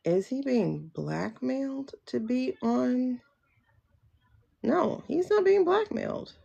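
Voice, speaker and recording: Slow, gravelly woman musing aloud. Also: high voice, expressive, mellow, muffled recording. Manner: muses aloud, asks questions and answers them herself; slangy and familiar, calls viewers child, girl, boo. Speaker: livestream host reading tarot. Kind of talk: casual livestream chat.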